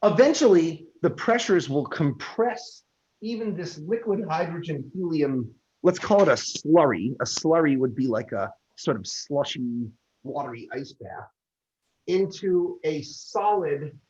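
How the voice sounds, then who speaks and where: A man's voice: on the high side, animated, unhurried, darkish tone, husky. A man lecturing on astronomy in an online class, informal and jokey, explaining step by step. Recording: dull lo-fi audio.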